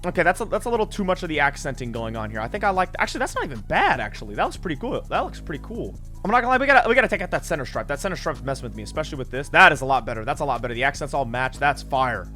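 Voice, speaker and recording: Excitable young man, high lively voice. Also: racing, few pauses. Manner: excitable, blurts loud exclamations. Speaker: gaming YouTuber. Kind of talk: excited gameplay commentary. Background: game music.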